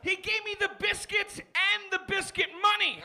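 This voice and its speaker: High-voiced man doing stand-up. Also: normal speed, few pauses. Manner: animated storytelling, shouted punchlines, acts out characters. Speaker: stand-up comedian. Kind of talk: stand-up set. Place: comedy club stage. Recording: live club recording with crowd noise. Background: audience laughter.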